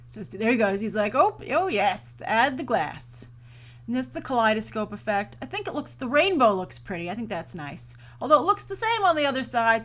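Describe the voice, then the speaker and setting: A woman talking through a movie trailer as the host of a review show. Her commentary is chatty and enthusiastic, full of quick asides and self-corrections. She often breaks into playful mock voices for the characters. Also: a little high, fairly bright tone.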